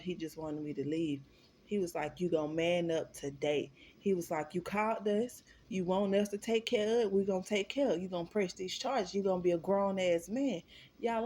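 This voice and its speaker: A woman's voice: lowish voice, gravelly, darkish tone, a little hiss or hum. A young woman from Florida telling a personal story to her viewers in a candid, profane way, often calling them y'all. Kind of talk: casual storytime vlog.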